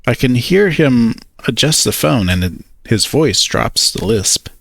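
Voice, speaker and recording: A man's voice: mid-range voice, animated, unhurried, vocal fry, a bit bright, dry recording. A man narrating a first-person story, hesitant and awkward in his character's lines.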